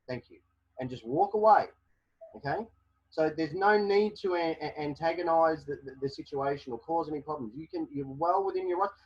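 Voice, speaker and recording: Here an Australian man, his voice a little high and slightly rough, presents a webinar explaining legal advice to a caller. He's emphatic and keeps checking in with "okay?" after every point to hammer it home, all over dull, lo-fi webinar audio.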